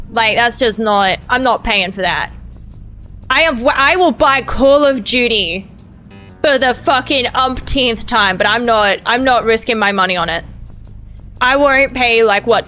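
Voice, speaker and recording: Bright-voiced rambling woman streamer. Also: fairly high pitch. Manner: rambling, profane, self-mocking. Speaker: VTuber streamer. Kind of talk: casual gameplay stream chat.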